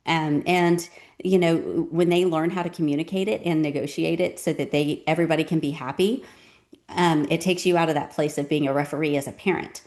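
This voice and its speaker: A woman's voice: low voice, fairly even intonation, a little fast, darkish tone. A woman giving parenting advice in a casual, conversational talk, often saying "um" and "you know.".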